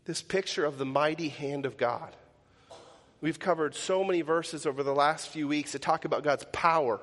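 A man preaches a sermon in a slightly higher voice, speaking in a loose, conversational way. He keeps throwing rhetorical questions at his congregation. His voice carries a long reverb from the church hall. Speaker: pastor.

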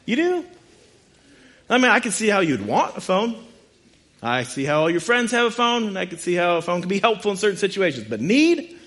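A man's voice: high-pitched, sing-song, fairly quick, fairly bright tone. A man preaching a sermon to a live congregation in a room, talking conversationally with humor and rhetorical questions. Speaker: pastor.

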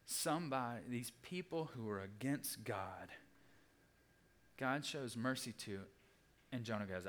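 A young adult man preaching a sermon, animated, acting out the people in the story with big jumps in his voice. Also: measured pace, pauses often. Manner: animated, acts out voices with big pitch swings. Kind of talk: sermon teaching.

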